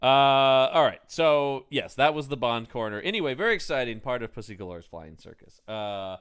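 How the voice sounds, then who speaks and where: A man's voice: mid-range voice, animated, normal speed, fairly bright tone, clear, resonant tone. A man co-hosting a casual podcast, recapping a film's plot and acting out lines. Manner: recounts plot scenes, acting out quotes. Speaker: podcast co-host. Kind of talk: casual movie-recap chat.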